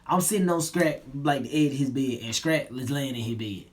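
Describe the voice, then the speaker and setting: A young man tells a story in an easygoing, slangy way. His voice sits at an ordinary pitch. His sentences often sink low and soft at the end. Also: brisk. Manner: laid-back slangy retelling, drops low and quiet at line ends. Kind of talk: casual storytelling.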